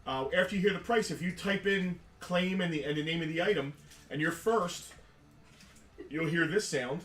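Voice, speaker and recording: A man co-hosts a live-stream toy sale, chatting casually and explaining things at length. His voice is on the high side and fairly bright, at a moderate pace, picked up by a distant mic in an echoey room.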